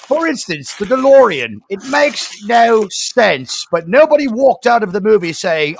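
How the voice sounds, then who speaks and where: A man's voice: sits high, very animated, a little slow, vocal fry, hardly any pauses, slight background noise. A man co-hosting a casual chat, telling stories with wry jokes, speaking very close to the microphone. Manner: joking, storytelling, wry. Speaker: co-host.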